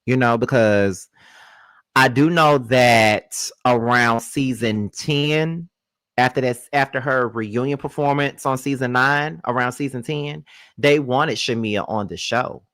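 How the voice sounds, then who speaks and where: A man hosts a reaction commentary stream in an animated, profane rant. His voice is bright and forceful. It sounds dry and close, with no room echo. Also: mid-range voice, unhurried. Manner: blunt, profane, animated ranting. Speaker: commentary channel host.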